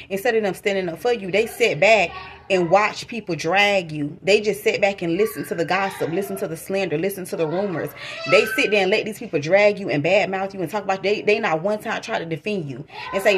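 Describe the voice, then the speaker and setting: A woman's voice: mid-range voice, fairly quick, slight background noise. A woman giving a casual tarot reading to her viewers, slangy and repetitive, talking straight to them. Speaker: tarot reader.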